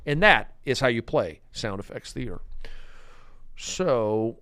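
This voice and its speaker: A man hosting a comedic podcast monologue, erratic and animated, swinging from loud bits to mumbled asides. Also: mid-range voice, slow, pauses often, a little hiss or hum. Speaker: host.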